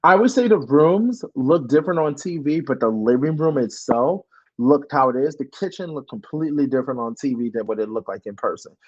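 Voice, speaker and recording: Animated man on a lo-fi call. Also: medium pitch, a little fast, slightly rough. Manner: animated storyteller, curses freely. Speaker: former reality show contestant. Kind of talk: casual video call chat.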